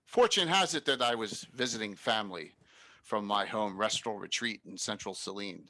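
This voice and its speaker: A man's voice: fairly low pitch, normal speed, sharp tone. A man voicing a foppish, courteous dandy nobleman with flowery, genial speech in a tabletop game.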